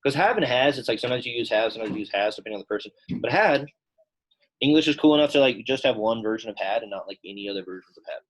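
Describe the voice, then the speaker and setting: Young male teacher, chatty and loose, a bit husky, classroom lesson. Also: medium pitch, lively intonation, racing, poor audio. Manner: casual, chatty, lots of "like" fillers. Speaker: Latin teacher.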